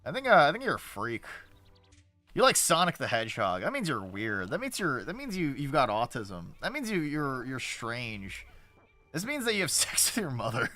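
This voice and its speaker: A man's voice: medium pitch, huge pitch swings, normal speed, pushed and bright. Sarcastic, rambling male streamer. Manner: sarcastic, rambling, swears often. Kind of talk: casual gameplay commentary.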